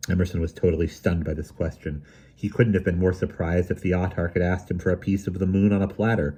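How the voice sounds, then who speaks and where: A man reading a children's mystery novel aloud in steady, measured narration. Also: low-pitched, husky. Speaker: audiobook reader. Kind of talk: storybook narration.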